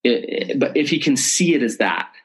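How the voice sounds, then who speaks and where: A man talking as the expert guest in an interview, with a voice of ordinary, middling pitch. He explains things earnestly and slips into the voices of people he is quoting. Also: big pitch swings, moderate pace, slightly rough, low-quality recording. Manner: earnest, explanatory, acts out quoted speech. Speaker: betrayal trauma expert guest. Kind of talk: conversational interview.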